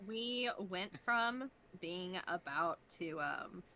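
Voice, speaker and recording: Joking woman player, bright voice, casual table talk. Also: on the low side, expressive, slow pace, a little hiss or hum. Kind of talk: casual game-table banter.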